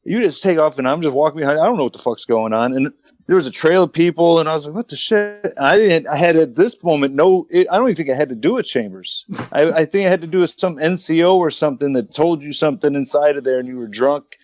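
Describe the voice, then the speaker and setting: A man co-hosting a podcast who tells army stories in a rambling, profane, animated way. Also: a little high, quick pace, dry recording. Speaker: podcast co-host, army veteran. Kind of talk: casual storytelling chat.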